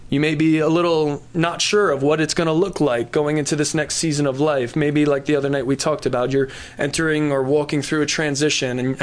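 A man delivers a sermon to a congregation, his voice a little higher than most men's. He preaches emphatically and builds to exhortation, then moves into prayer. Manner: slips into prayer. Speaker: pastor. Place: church service.

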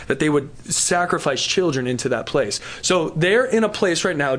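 A man preaching a sermon in a church service, emphatic and building to exhortation before moving into prayer. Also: fairly high pitch. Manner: slips into prayer. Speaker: pastor.

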